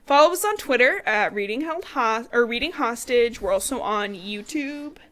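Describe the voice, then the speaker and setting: A woman's voice: a little high, lively intonation, moderate pace, fairly bright tone. A young woman co-hosting a podcast, recapping a book in casual chat, swearing freely and acting out characters' lines. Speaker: podcast co-host.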